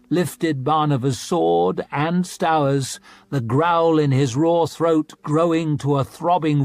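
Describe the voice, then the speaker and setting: A man reading a fantasy audiobook in a slow, measured, dramatic way. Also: a little high, darkish tone, no echo. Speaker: audiobook narrator. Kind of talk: scripted audiobook narration.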